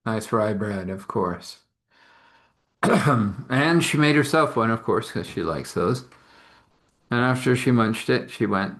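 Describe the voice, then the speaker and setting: Low-voiced man telling a rambling story. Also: fairly bright tone. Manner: rambling, chatty asides, chuckles. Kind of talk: casual improvised story narration.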